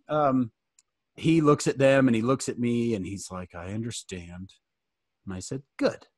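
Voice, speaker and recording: A man in his forties at home, giving a humorous storytelling talk to teenagers, animated and joking, calling on listeners by name. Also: fairly high pitch, no room sound, studio quality. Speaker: youth fireside speaker.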